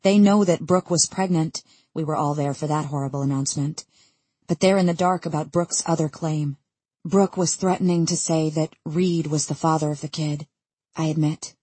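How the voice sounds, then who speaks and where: Woman, audiobook narrator, first-person reading, husky, dry close mic. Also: sits low, steady tone, moderate pace, warm tone, no room sound.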